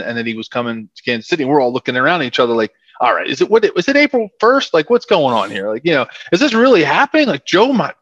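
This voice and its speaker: A man tells a casual, rambling interview story, packed with fillers. His voice sits slightly high. The audio is dry and a bit muffled. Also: fairly bright tone, no room sound. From South Philadelphia, USA. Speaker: former football player, guest.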